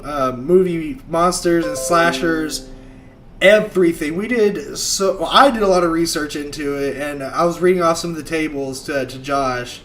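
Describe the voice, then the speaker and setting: A man's voice: fairly high pitch, fairly bright tone, slight background noise. A man chatting on an online call, rambling and swearing freely as he explains things. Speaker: player on a show. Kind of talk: casual banter on an online call. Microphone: online call mic.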